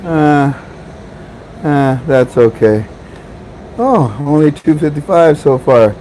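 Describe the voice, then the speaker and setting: A man's voice: a little high, lively intonation, slow, warm tone, a little hiss or hum, low-quality recording. A man hosting a casual livestream, chatting with viewers, joking and laughing often. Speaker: livestream host.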